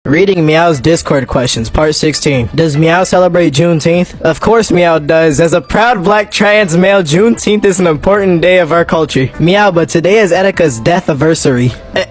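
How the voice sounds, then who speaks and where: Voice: medium pitch, moderate pace, hardly any pauses, faint music behind, close to an everyday voice, rough recording. A performer voicing a cutesy catgirl persona in a parody clip, with shrieky outbursts. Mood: giddy. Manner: exaggerated, swooping, shrieky outbursts.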